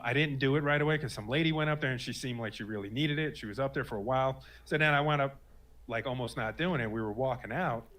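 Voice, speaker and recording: A man's voice: medium pitch, fairly bright tone. A man in his late thirties telling a personal story in an earnest, rambling way, full of fillers and restarts. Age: 30s. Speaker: guest sharing a personal story. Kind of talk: casual spoken testimony.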